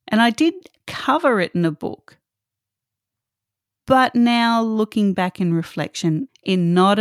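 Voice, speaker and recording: A woman's voice: on the low side, darkish tone, dry recording, studio quality. A middle-aged woman hosting a solo podcast, earnest and emphatic, repeating her key points. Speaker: podcast host.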